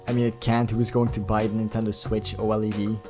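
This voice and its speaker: A man's voice: on the low side, flat delivery, fast, music in the background. A man hosting a reaction video, answering a clip with blunt, sarcastic, profane rebuttals. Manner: sarcastic, blunt, swears freely.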